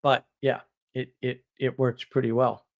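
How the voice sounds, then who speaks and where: A man's voice: mid-range voice, flat delivery, unhurried. A man hosting a live stream, chatting casually in a rambling way and laughing at his own stories. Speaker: livestream host.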